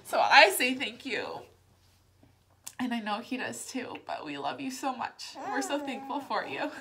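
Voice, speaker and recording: A woman, a mother, giving a warm, emotional video tribute to her team leader and close friend. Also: on the high side, expressive, unhurried. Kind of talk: heartfelt recorded message.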